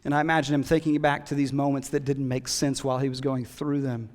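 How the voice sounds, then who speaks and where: A man's voice: mid-range voice, level tone, fast, darkish tone, big-room sound. A man preaching a sermon as pastor, conversational and emphatic, with casual asides. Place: church hall.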